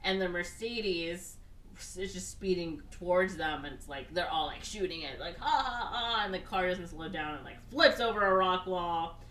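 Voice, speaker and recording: A woman co-hosting a podcast, casually retelling a movie plot with swearing and quick bits of put-on character voices. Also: fairly low pitch, a bit bright. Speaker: podcast co-host. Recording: echoey room, voice a bit far from the mic, faint background noise.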